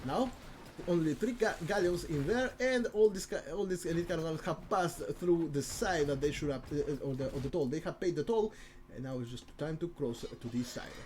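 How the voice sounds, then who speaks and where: Excitable high-voiced male game caster. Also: fairly quick, a little hiss or hum. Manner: excitable, rambling, restarts and repeats himself. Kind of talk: live game commentary.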